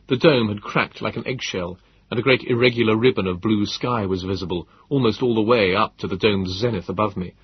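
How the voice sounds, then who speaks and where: A man narrates a novel in a calm, measured, descriptive manner. His low voice is very husky and breathy. The recording sounds dull and muffled. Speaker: audiobook narrator. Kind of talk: scripted narration.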